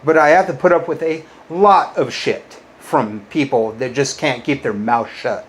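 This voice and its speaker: Combative male YouTuber, mid-range voice, resentful rant, loud jumps and muttered low insults. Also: unhurried, slight background noise. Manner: bitter, combative, swears a lot. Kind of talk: ranting to-camera monologue.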